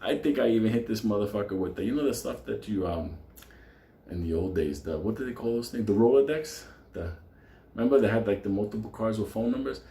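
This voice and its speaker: A man telling a profane story, laughing often and talking with animated energy. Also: on the low side, brisk. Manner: laughing, animated, heavy swearing. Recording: echoey room with faint ambience.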